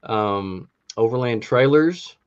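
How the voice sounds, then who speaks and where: A man's voice: mid-range voice, lively intonation, slow pace, smooth. A man co-hosting a podcast, casually reading through a list of classes with many ums and uhs. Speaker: podcast co-host. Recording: dull lo-fi sound.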